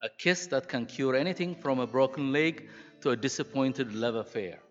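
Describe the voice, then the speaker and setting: A man's voice: mid-range voice, moderate pace, lightly acted. A man voicing God as an eager, proud male Creator, read in a dull recording with a long hall echo. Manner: earnest, eager.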